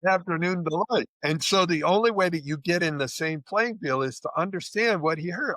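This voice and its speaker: A man's voice: sits high, normal speed, few pauses, pushed and bright, no echo. A man working as a relationship coach, explaining ideas earnestly in a podcast interview and acting out the little dialogues he describes.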